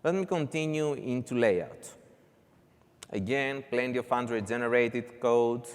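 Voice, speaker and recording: A man's voice: mid-range voice, moderate pace, clean tone. Man, conference speaker, live demo walkthrough, casual asides, echoing hall. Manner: walks through folders step by step, casual asides. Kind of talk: technical talk with live demo.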